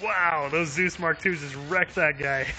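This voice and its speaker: Man live streaming a game, chatty, laughs often, very bright voice, slightly high. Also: unhurried, a little hiss or hum. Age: adult with young kids. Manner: chatty and upbeat, laughs often, many fillers. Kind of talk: live gameplay commentary.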